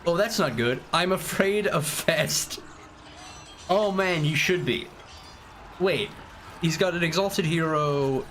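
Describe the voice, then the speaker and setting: A man's voice: on the high side, slow, long pauses, a bit bright, slight background noise. A British man live-streaming a strategy game, rambling and joking with chat while giving tactics. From United Kingdom. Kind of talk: casual live-stream commentary.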